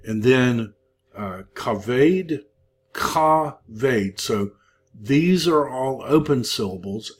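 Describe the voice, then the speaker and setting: A man teaching a Hebrew grammar class, talking slowly with many pauses and fillers. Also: medium pitch. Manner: slow, halting, many fillers. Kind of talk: classroom lecture.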